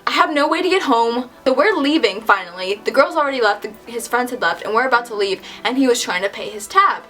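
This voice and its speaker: Chatty young woman, slightly high voice. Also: brisk, soft background music. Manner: chatty, filler-heavy with frequent "like"; exasperated, animated storytelling. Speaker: vlogger. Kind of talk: casual storytime chat.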